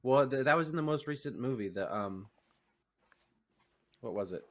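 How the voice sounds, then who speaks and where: A man's voice: mid-range voice, lively intonation, normal speed, a bit bright. A man co-hosting a podcast in casual chat, rambling and starting over as he talks. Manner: rambling, filler-heavy, self-interrupting. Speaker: podcast co-host.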